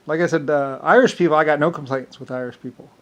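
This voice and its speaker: This man's fairly bright voice sits a bit above the usual male range as he drifts through a halting monologue. He stumbles over repeated words, says "um" and "like" a lot, and keeps breaking into little chuckles.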